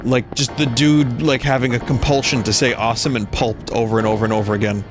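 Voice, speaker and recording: A man's voice: mid-range voice, level tone, quick pace. A man streaming a game, chatting casually and rambling between jokes, swearing now and then. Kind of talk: casual gameplay commentary. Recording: game music behind the voice. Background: game music.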